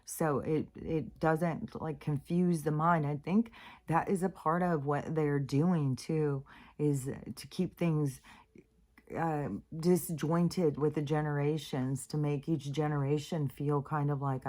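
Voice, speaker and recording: A woman's voice: low-pitched, steady tone, measured pace, darkish tone. A woman speaking as a spiritual teacher in a casual, rambling monologue, full of fillers and restarts, and frank enough to swear in passing.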